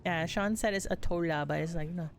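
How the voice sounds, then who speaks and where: A woman's voice: fairly low pitch, a little fast, slight background noise. A woman streamer chatting casually with her viewers while playing a game, chatty and giggly. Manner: chatty, giggly, talks to chat. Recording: game music behind.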